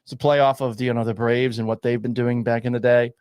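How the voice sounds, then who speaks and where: A man's voice: mid-range voice, level tone, quick pace, a little mellow, clear, resonant tone, no echo. A man hosting sports talk radio, reading listener texts and giving blunt, sarcastic takes with self-mocking laughs, at a studio microphone. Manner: opinionated, sarcastic, laughs at himself. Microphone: studio microphone at a mixing board.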